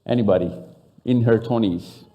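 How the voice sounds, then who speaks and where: A man's voice: on the low side, moderate pace, mellow. A man from Pakistan with a Pakistani accent, giving a live talk to an audience and bantering with them, switching into Urdu and Hindi. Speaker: speaker.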